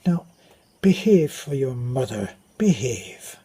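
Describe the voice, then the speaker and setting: A burly Irish priest, as a man puts him on scolds in a hushed, sing-song brogue. The tone is very husky and breathy, close to a whisper. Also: mid-range voice, sing-song, slow, full character voice. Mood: hushed scolding.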